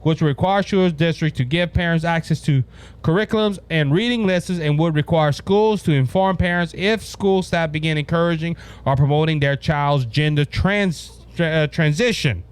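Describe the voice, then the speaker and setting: A man with a Louisiana accent hosting a political commentary podcast, emphatic and halting, full of restarts. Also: fairly high pitch, clean tone. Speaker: podcast host.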